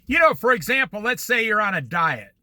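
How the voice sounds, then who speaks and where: Man, high and very bright voice, chatty outdoor vlogger who likes to moralize. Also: big pitch swings, brisk, no room sound. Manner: chatty storyteller, moralizing asides. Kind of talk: casual vlog monologue. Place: outdoors near the shore.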